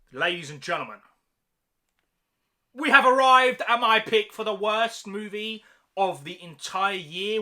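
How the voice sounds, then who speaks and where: Male reviewer, animated and mocking, with slang and big exaggerations. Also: high voice. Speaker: movie reviewer. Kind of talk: ranting review vlog.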